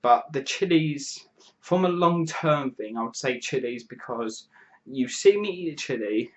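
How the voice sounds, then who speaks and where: A man's voice: medium pitch, animated, measured pace. A 22-year-old man, casually answering viewer questions to camera, rambling and restarting his sentences. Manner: rambling, restarts sentences, frequent "you know what I mean". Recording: dull lo-fi mic.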